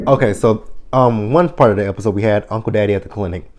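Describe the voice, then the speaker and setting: A man with a fairly low voice and a mellow, relaxed tone talks through a TV episode. His recap is loose and chatty, full of swearing and fillers. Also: fast talker, hardly any pauses, a little hiss or hum. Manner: profane, chatty retelling with many fillers. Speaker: TV episode reviewer. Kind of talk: casual recap chat.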